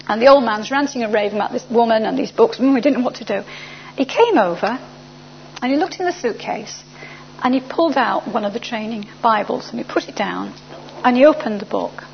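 Woman telling a lively story, gravelly. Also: on the high side. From England. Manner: animated, acts out the other people's lines. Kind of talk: personal testimony storytelling. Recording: dull lo-fi recording with faint hum.

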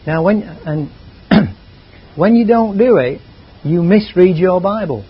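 Husky, lively high-voiced male preacher. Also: slow pace. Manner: conversational, chatty, drifts into asides. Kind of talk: sermon. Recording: dull lo-fi recording.

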